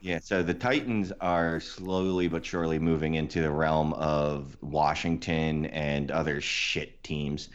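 A man from the Philly area talks in loose, teasing rambles full of ums. His voice sits very low. The recording sounds dull and lo-fi. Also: fairly even intonation, measured pace, few pauses, smooth. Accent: Philadelphia. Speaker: podcast co-host. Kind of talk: casual podcast chat.

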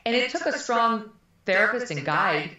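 Recorded in a very echoey room, a middle-aged woman with a slightly high, expressive voice speaks at a moderate pace, her delivery pushed and bright. As an interview guest she talks frankly and animatedly, laughing often in a candid conversation.

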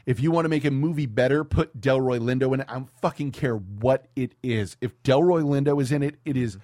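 A man hosting a podcast in casual chat, a profane, lively storyteller who acts out what people said. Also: mid-range voice, brisk, no echo, studio quality. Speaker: podcast host.

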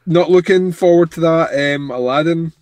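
A man's voice: fairly high pitch, normal speed, darkish tone, no room sound. A man co-hosting a podcast, chatting about movies in a blunt, sweary, teasing way. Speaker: podcast co-host. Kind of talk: casual chat about movies.

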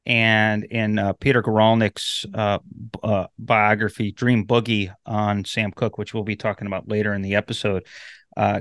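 A man's voice: lowish voice, a bit bright, dry recording, clean studio sound. A man co-hosting a podcast, chatting casually with many fillers, restarts and some swearing. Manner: rambling with many fillers and profanity. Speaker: podcast co-host. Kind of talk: casual chat.

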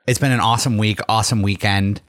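A man's voice: lowish voice, fairly even intonation, quick pace, a bit bright, no room sound, studio quality. A young man co-hosting a casual podcast, joking and swearing loosely. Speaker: podcast co-host. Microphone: studio mic.

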